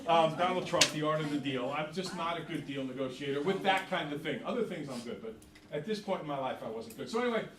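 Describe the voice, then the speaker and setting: A man's voice: a little high, expressive, fast, crowd noise. A man teaching a math class, telling a chatty story to his students between worked examples. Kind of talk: classroom lecture with stories. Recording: echoey classroom from far off.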